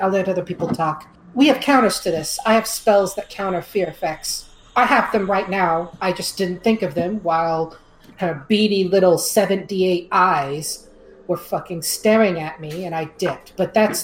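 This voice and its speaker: A young woman playing a tabletop game in casual chat, excitable, swearing freely and stammering when upset. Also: on the low side, reverberant, a little hiss or hum, poor audio.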